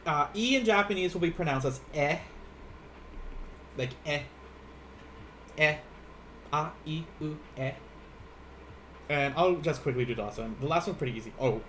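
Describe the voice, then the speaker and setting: A young man hosting a casual home livestream lesson, his voice riding up and down in lively swings and sitting a touch high for a man. He rambles with plenty of fillers and pokes fun at himself. A faint hiss sits under the recording. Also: normal speed, long pauses. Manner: rambling, self-mocking, laughs often, lots of fillers. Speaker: Japanese teacher. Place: home room.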